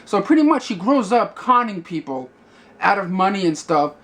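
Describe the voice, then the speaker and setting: A man's voice: high voice, big pitch swings, moderate pace, a bit bright. Rambling man reviewing a movie. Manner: rambling, many fillers and restarts. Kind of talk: casual video review.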